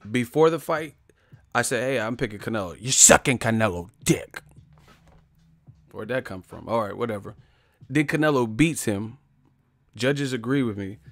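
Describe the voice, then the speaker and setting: A man's voice: mid-range voice, dry recording. A man hosting a casual boxing live stream, laughing and swearing as he mocks his chat. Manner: laughing, profane, mocking banter.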